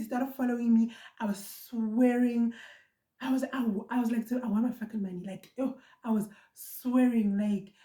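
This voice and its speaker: A young South African woman vlogger telling a storytime in an animated, emphatic way, repeating lines for effect. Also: a little high. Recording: echoey room.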